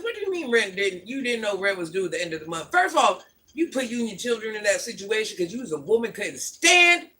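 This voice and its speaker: A woman's voice: a little high, big pitch swings, fairly quick, bright, forceful tone. A middle-aged woman hosting a livestream, ranting bluntly at viewers and repeating her points like a sermon. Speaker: livestream host.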